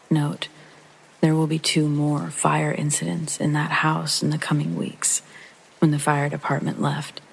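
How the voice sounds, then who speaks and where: A man hosting and narrating a true horror story in a hushed, half-whispered way, with a gravelly, husky and breathy voice. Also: a little high, rough recording. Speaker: host and narrator.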